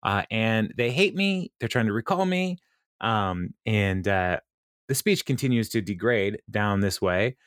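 A man's voice: fairly low pitch, lively intonation, unhurried, a bit bright, clean tone, no room sound, clean studio sound. A man co-hosting a podcast, retelling a show's scenes in a rambling way, quoting characters, with many fillers. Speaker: podcast co-host. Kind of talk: casual episode recap.

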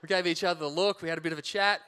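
A man, preaching a sermon and acting out a personal story with lively quoted voices. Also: fairly high pitch, very fast, clear, resonant tone. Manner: animated storytelling, acts out shouts and quotes. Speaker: pastor.

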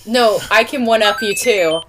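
Casual podcast woman, lively storyteller who laughs a lot. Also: mid-range voice, unhurried, noisy background. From California. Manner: animated storyteller, laughs often. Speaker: podcast co-host. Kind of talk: casual chat.

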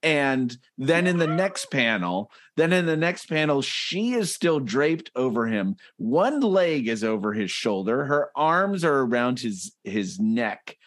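A man's voice: mid-range voice, sing-song, unhurried, few pauses. A man co-hosting a comedy podcast over a call, sarcastically describing comic strip panels with frequent restarts. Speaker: podcast co-host. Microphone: remote call.

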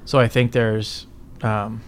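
This middle-aged man, an entrepreneur appearing as an interview guest, talks slowly in a lowish, level voice over a faint hiss or hum. His style is loose and meandering, peppered with profanity and frequent tag questions of "right?".

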